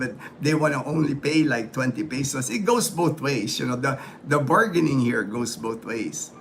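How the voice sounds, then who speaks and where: A man's voice: mid-range voice, moderate pace, creaky, few pauses, a little hiss or hum. A man from the Philippines hosting a casual livestream, chatting and answering viewer comments in a rambling way full of fillers. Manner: rambling, many fillers and restarts. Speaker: livestream host.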